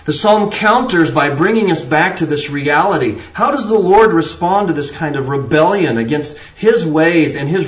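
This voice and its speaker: A man preaching an earnest sermon, pressing his points with shifting emphasis and frequent restarts. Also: on the high side. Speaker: pastor. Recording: roomy, distant from the mic.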